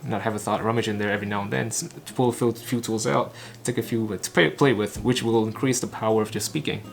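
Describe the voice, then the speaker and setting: A man's voice: on the low side, steady tone, gravelly, soft background music. A man repeating a spoken talk phrase by phrase, stumbling and restarting often as he practices English. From Vietnam. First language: Vietnamese. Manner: halting, clipped phrases with frequent stumbles and restarts. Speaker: English learner and channel host. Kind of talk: shadowing a recorded talk line by line.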